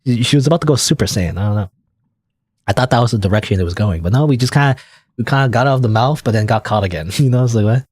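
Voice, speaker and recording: A man reads a visual novel aloud and chats about it in casual let's-play style, rambling with plenty of "like" and "you know." His mid-range voice is fast, darkish and slightly rough, in a dry recording.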